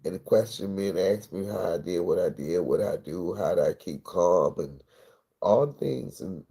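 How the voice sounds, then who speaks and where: A man livestreaming, telling a personal story in a rambling, profane, intense way with a gravelly voice. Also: sits low, expressive, moderate pace, mellow. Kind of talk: emotional storytelling monologue.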